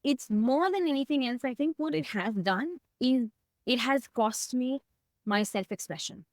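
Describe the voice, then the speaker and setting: A woman's voice: sits high, unhurried, dry recording. A woman guest talking candidly and emotionally about her past in a personal conversation, close to tears at times. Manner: heartfelt, emotional, reflective. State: tearing up.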